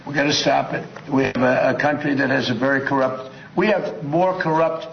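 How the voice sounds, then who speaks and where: A man's voice: medium pitch, steady tone, normal speed, vocal fry. Emphatic man, roomy dull recording. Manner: emphatic, repetitive, rambling lists. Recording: roomy, dull sound with faint noise.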